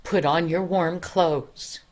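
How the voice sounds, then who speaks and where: A grandmother voicing a stern, tall policeman in a storybook tale, giving sharp, commanding orders. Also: lowish voice, steady tone, slow.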